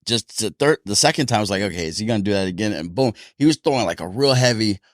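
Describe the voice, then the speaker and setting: A man chatting on a talk show, voice bouncing lively between high and low. He laughs through his boxing stories. The sound is close and dry, with no room in it. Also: fast talker, no room sound. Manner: laughing storyteller, animated. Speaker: podcast co-host, boxer. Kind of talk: casual chat.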